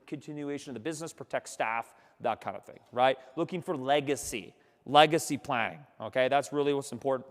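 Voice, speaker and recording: Man, workshop instructor, higher-pitched voice, energetic coaching, constant "okay?", long room reverb. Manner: tags nearly every sentence with "okay?". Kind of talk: live seminar teaching. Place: seminar room with remote attendees.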